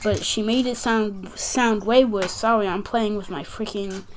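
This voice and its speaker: Young girl rambling slowly through a story. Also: mid-range voice, steady tone, a little hiss or hum. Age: child. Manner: rambling, fills with "like", acts out quotes. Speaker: gaming channel creator. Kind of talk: casual storytelling to camera.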